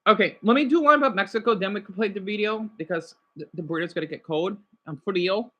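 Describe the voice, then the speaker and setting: A woman's voice: medium pitch, fast, lo-fi sound. Rambling woman chatting with viewers. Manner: rambling, restarts and self-corrections. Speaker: livestream host. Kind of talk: casual chat with viewers.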